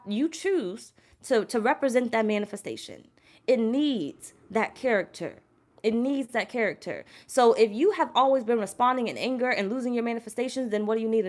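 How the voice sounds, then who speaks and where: A woman tarot reader giving a casual spiritual pep talk to camera. She speaks bluntly and emphatically, curses freely and repeats her points. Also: a little high. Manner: blunt, emphatic, heavy cursing, repeats herself.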